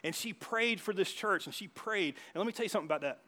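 A man's voice: high voice, animated, fast, sharp tone. A man preaching a sermon as pastor, telling stories in a church with frequent restarts and asides. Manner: storytelling with many restarts and asides. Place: church hall.

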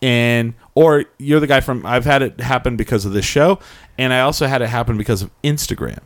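A man's voice: mid-range voice, brisk, no echo. Rambling man on a casual podcast. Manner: rambling storyteller, acts out quotes. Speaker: podcast co-host. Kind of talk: casual chat.

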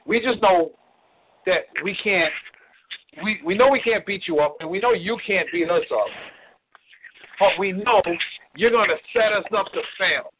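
A man giving blunt relationship advice on a call-in show, preachy and repeating words for emphasis. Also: high-pitched. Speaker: relationship coach. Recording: tinny phone-line sound.

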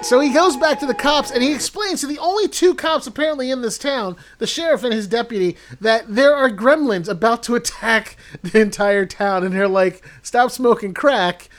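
A man's voice: very high-pitched, a little fast, few pauses. A man co-hosting a comedy podcast, casually retelling a movie plot in a rambling way and laughing as he goes. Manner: rambling, laughs through his own storytelling. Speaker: podcast co-host.

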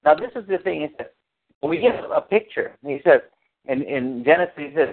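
A man's voice: a little high, lively intonation, a little fast, husky. A man hosting an informal Bible study. He preaches emphatically, repeats his words and quotes scripture. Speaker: host leading a Bible study. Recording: tinny phone line with faint noise.

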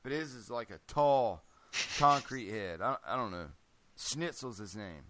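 A man hosting a casual podcast, animated and joking. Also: medium pitch, unhurried, background noise. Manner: animated, joking, chants nonsense syllables. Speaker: podcast host.

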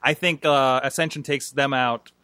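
Bright-voiced podcast host, dry close sound. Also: male voice, mid-range voice, steady tone, normal speed, clear, resonant tone, dry recording. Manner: rambling, upbeat, reads listener emails aloud. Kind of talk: casual wrestling podcast chat.

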